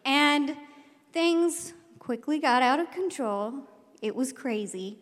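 A woman, a teacher, telling a personal story to an audience, acting out voices and shouting the quoted lines. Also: high-pitched, animated, slow pace, in a large hall.

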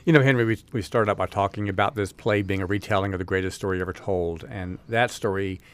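A man's voice: low voice, fast, clean tone. A man hosting a radio interview, asking long conversational questions. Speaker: radio host.

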